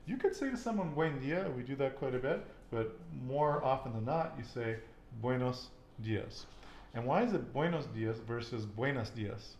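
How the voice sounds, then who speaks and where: A man's voice: mid-range voice, expressive, moderate pace, a little mellow, a little hiss or hum. Man, Spanish teacher, patient quizzing, casual lesson, echoey room.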